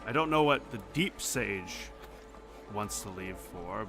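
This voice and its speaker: Slow-talking guy playing his character, dry sarcastic, bright voice. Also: lowish voice, expressive, gravelly, soft background music. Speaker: player. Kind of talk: in-character tabletop play.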